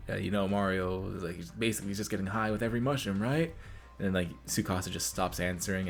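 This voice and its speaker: A man hosting an anime reaction video, talking in a rambling, excitable way with many restarts. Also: fairly low pitch. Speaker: reaction channel host. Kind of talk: casual anime reaction commentary. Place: home room lit by reaction lamps.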